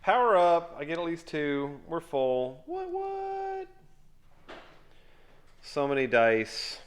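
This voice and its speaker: Slow-talking dad counting dice aloud. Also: male voice, on the high side, expressive, a little hiss or hum. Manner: counts dice and moves aloud in a quiet mutter. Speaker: father playing a tabletop game with his son. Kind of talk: casual tabletop game play.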